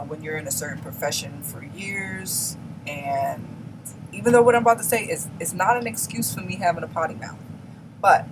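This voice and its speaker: A woman's voice: on the low side, background noise. A woman talking candidly and bluntly to camera in a casual confessional chat, stressing her words now and then. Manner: candid, blunt, emphatic with laughs. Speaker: beauty vlogger.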